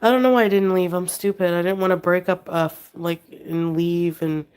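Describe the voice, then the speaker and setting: A woman with a slightly low voice that sounds sick. She rambles casually through a livestream, drifting between viewers' comments and her pet. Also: steady tone, a little fast, a little mellow, clear, resonant tone. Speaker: livestreamer reading chat.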